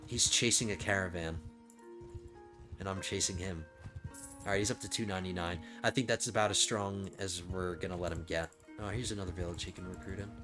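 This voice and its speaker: With music behind him, a low-pitched man speaks fairly quickly in a steady but strained tone. As a gaming channel host, he reasons aloud about each move in a casual strategy game let's play.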